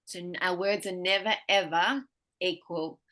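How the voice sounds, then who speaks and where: A woman speech pathologist giving a patient one-on-one pronunciation lesson, explaining slowly with examples. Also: on the low side, fairly even intonation, pushed and bright.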